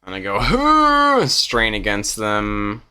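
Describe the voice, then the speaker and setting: A man's voice: fairly low pitch, measured pace, pushed and bright, clean tone. A man playing a tabletop game, speaking hesitantly with mock frustration. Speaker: player. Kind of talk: casual tabletop play.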